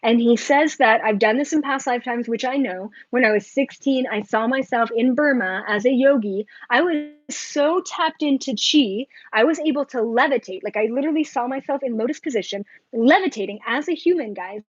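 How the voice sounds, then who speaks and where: A woman with a fairly high voice rambles excitedly to her viewers, her talk full of filler likes and quick asides. The sound is dry and a little dull, with no room around it. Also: no echo. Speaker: spiritual vlogger. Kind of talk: casual monologue to viewers.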